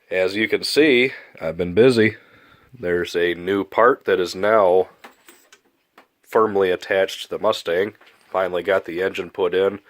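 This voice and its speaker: A man with a nasal, congested voice, casually explaining his model airplane build in a rambling, relaxed way. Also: low-pitched. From Michigan. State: stuffed-up nose. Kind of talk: casual build update vlog.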